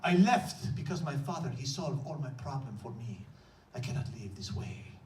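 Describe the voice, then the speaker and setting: A man voicing a young, skinny Egyptian store clerk with a heavy accent, speaking slowly and solemnly like a sage. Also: medium pitch, lively intonation, darkish tone, a little hiss or hum, voice pushed down, lightly acted. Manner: slow, solemn, prophetic. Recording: echoey stage from far off.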